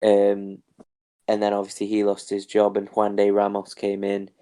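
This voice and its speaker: Brief: man co-hosting a podcast, low, level and dry. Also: monotone, normal speed, mellow. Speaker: podcast co-host. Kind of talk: casual chat.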